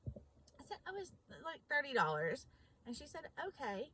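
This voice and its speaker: A woman's voice: high-pitched, sing-song, moderate pace, bright, forceful tone, slight background noise, poor audio. A woman vlogger telling a personal story, acting out both sides of a conversation with emphasis. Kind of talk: storytelling vlog.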